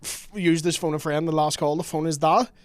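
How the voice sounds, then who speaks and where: High-voiced man, wry banter. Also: steady tone, brisk, clear, resonant tone, no room sound, studio quality. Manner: wry, joking. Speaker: podcast co-host and comedian. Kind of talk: casual banter.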